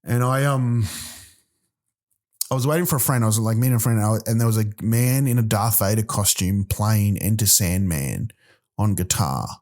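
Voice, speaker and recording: A man's voice: on the low side, moderate pace, a little mellow. A man, a comedian hosting a podcast, delivering a rambling comic monologue full of profane, exasperated rants.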